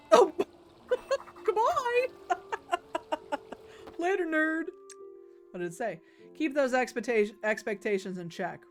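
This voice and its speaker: A woman chatting casually to her stream chat while playing a video game, rambling and joking. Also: medium pitch. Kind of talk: casual gaming stream commentary.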